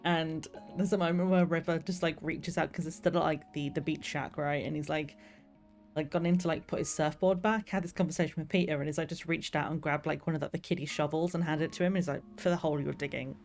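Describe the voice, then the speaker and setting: A young woman streamer chats casually, rambling with lots of fillers about the novel she's writing while faint lofi music plays behind her. Her voice sits low, a little mellow and steady in tone, and she talks quickly.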